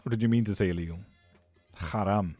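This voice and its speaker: A man's voice: lowish voice, normal speed, faint music behind. A man, a tarot reader hosting a live stream, chatting loosely with viewers, swearing and laughing often.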